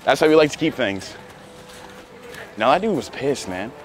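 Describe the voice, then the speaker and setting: A man hosting a street prank video, talking in a pleading, playful way with big swings in pitch, outdoors and inside a big store. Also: very animated, moderate pace, soft background music.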